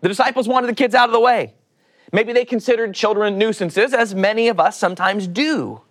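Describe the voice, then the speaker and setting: A man's voice: sits high, fairly quick. A man preaching a casual sermon, joking with his listeners, asking them questions and acting out the voices in the story. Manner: animated, joking, asks the audience questions; acts out quoted voices.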